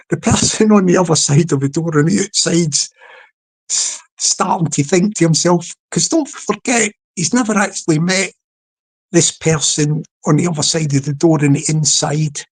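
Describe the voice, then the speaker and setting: Husky Scottish man rambling live. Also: fairly high pitch, normal speed, poor audio. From Scotland. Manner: chatty, repeats words, many restarts. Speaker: livestream host. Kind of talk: rambling comedic live commentary.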